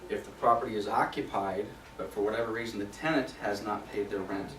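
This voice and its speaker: A man's voice: fairly low pitch, steady tone, fairly quick, fairly bright tone, slight background noise. A man leading a property management training class in a conversational way, repeating key points for emphasis. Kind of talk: recorded training class for agents. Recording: echoey room from a distance.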